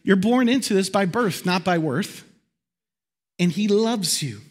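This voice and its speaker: A pastor preaching a sermon to his congregation in a lively, conversational way. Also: unhurried. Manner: animated, conversational preaching with big swings in pitch. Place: church hall before a congregation.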